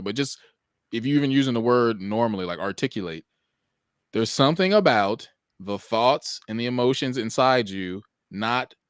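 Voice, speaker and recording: A man's voice: lowish voice, clean tone, no echo, studio quality. Reflective man thinking aloud on a podcast. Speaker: podcast co-host, teacher. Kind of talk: casual chat.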